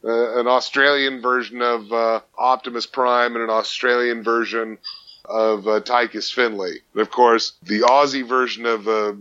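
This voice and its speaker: A man, a voice actor, chatting casually on a podcast, animated and playful, slipping into mock anger and quick voices. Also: mid-range voice, muffled recording. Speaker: voice actor guest.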